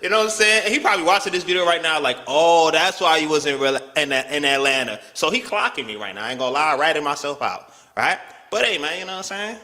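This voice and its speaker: Talking fast with hardly any pauses, a man in a large hall relates a casual, slangy tale. He's animated, acting out the quotes and swinging his pitch widely.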